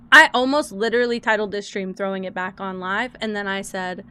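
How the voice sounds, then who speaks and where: A woman's voice: mid-range voice, steady tone, brisk, bright, forceful tone, clear, resonant tone. A woman live-streaming who talks to her chat in a flustered, joking way and swears now and then. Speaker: livestreamer.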